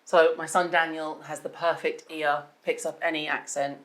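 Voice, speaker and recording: Lower-voiced chatty English hostess. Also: female voice, level tone, moderate pace, a bit bright, rough recording. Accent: London-leaning English. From Liverpool, England. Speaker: host. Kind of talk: casual chat.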